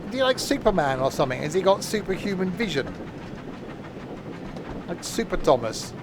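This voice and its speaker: A man's voice: high voice, big pitch swings, normal speed, noisy background. A man chatting casually while live-streaming a train game, with joking asides.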